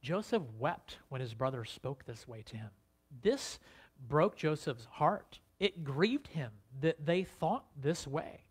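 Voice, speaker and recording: A man with a fairly high voice delivers a Bible sermon as a pastor. He keeps it conversational, checking in with listeners through rhetorical questions and often restarting his phrases as he goes. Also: animated, slow pace, slightly rough.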